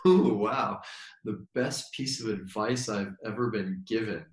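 A man guest on an interview, telling stories in a reflective, meandering way and slowing down for emphasis. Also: fairly low pitch. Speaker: yoga teacher, podcast guest. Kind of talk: relaxed storytelling interview. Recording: roomy echo.

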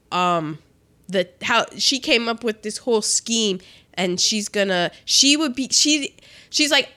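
A woman in casual chat, recapping a film with animated, incredulous energy. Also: medium pitch.

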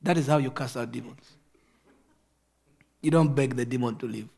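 A pastor preaching a fervent sermon, moving between loud rebuking and quiet storytelling. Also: male voice, medium pitch, moderate pace, vocal fry, slightly rough.

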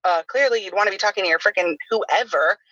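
A woman's voice: medium pitch, fast, a bit bright, no room sound. A woman in her thirties hosting a casual podcast chat, talking freely and filling her sentences with "like". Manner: chatty, heavy use of "like" fillers. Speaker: podcast host. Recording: dull lo-fi sound.

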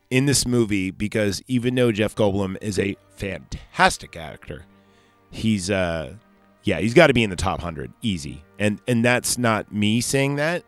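A man's voice: fairly low pitch, fairly bright tone, dry recording. A man hosting a casual solo podcast, recapping a film in a loose, rambling way and correcting himself as he goes. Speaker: podcast host.

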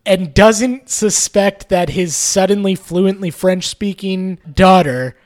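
A man co-hosting a casual movie review chat, animated, laughing often and swearing freely. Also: high-pitched, takes it slowly. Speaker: podcast co-host.

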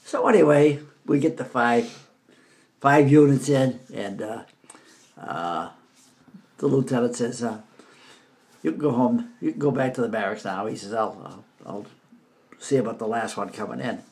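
An older man from the Boston area telling stories about his army days in a casual, animated way. He laughs often and shouts out the lines he quotes. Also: mid-range voice, moderate pace, long pauses. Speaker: veteran telling war stories. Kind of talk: casual storytelling.

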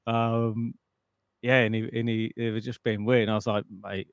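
A man's voice: medium pitch, flat delivery, moderate pace, smooth, no echo. A man co-hosting a podcast, telling a story in a casual, rambling way with lots of restarts. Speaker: podcast co-host. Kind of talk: casual chat.

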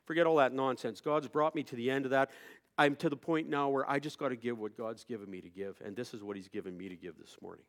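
A male pastor preaching a sermon, moving from quiet storytelling to loud, impassioned preaching. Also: medium pitch, quick pace.

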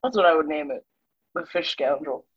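A woman's voice: deep voice, lively intonation, a little fast, husky. Wry woman, dull lo-fi sound. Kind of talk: casual chat. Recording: dull lo-fi recording.

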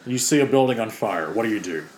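A man's voice: on the low side, expressive, fast talker, a little mellow. A man with an Australian accent improvising an exasperated, swearing veteran fire chief in a comedy role-play. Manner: exasperated, grumbling, swears freely. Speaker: comedy podcast co-host.

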